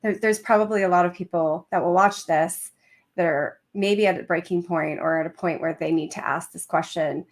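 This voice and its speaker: A woman's voice: fairly low pitch, steady tone, moderate pace. A woman hosting a live interview over a video call, reflective and supportive, giving many short affirmations. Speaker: host.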